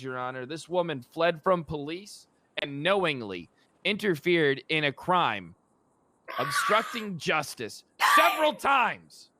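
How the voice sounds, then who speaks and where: A man's voice: a little high, a bit bright, dry recording. A man roleplaying a blustering police officer who gives mock-formal testimony in court.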